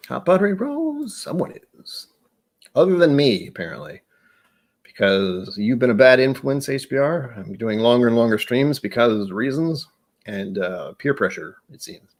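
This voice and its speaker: A man's voice: medium pitch, expressive, moderate pace. A man from the United States hosting a casual whiskey livestream, chatty, rambling and self-deprecating as he reads chat aloud. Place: indoors at home.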